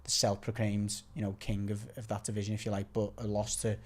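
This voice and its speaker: A man's voice: lowish voice, little pitch movement, fairly quick. A man, a podcast guest chatting about sport in a rambling, agreeable way. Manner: rambling, restarts phrases, agreeable. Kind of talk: casual sports chat.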